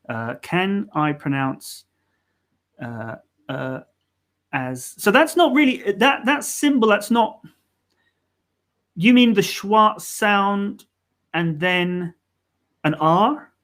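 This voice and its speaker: A man's voice: high voice, big pitch swings, very slow, long pauses, a bit bright. Hesitant man hosting a stream. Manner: hesitant, lots of ums and restarts, explanatory. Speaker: co-host of a live English-learning stream. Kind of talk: casual live-stream chat.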